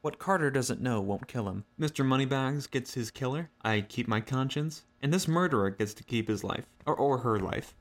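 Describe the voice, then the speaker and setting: A middle-aged man voicing a world-weary male duck private eye who narrates a noir game in a dry, deadpan, wisecracking way. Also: medium pitch, normal speed, hardly any pauses, natural voice. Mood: wry.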